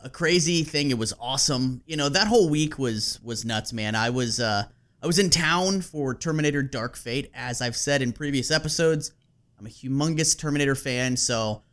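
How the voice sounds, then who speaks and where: A man hosting a podcast and telling a story in a loose, casual way. He laughs often, swears easily and leans on fillers. His voice sits at a middle pitch. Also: fairly bright tone.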